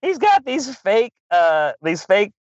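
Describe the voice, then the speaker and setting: A man's voice: high voice, huge pitch swings, slow pace, no echo, highs cut off. A man telling a long funny story in casual chat, swearing freely and laughing often. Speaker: podcast guest.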